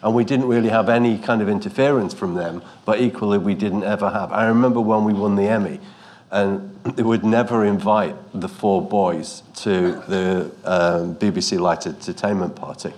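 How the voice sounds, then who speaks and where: A man, a producer speaking on a panel in a halting, chatty way and laughing often. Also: on the low side, fairly even intonation, darkish tone. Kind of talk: panel talk.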